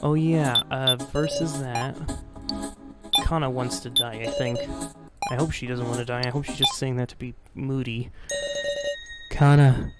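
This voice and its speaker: Quiet man commenting on a game. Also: mid-range voice, fairly even intonation, normal speed. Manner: quiet offhand asides, mild swearing. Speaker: let's play gamer. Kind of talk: casual gameplay commentary. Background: game music.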